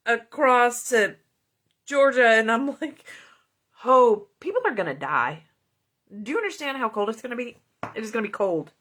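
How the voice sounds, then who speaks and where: A woman's voice: mid-range voice, fairly bright tone. A middle-aged woman hosting a card-making tutorial, chatting casually with viewers and greeting commenters by name as she works. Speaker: card-making video host.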